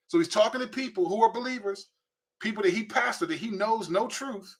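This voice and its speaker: Husky-voiced pastor preaching emphatically. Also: male voice, sits high, very animated, normal speed. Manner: emphatic, repeats words when pressing a point. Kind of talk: preaching to camera.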